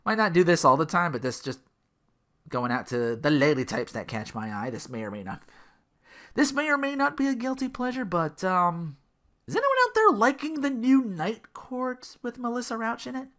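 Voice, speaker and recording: In a casual monologue on his own podcast, this host talks at a normal speed in a loose, rambling way. His pitch is animated and bounces a lot, and he keeps fumbling words and belittling himself.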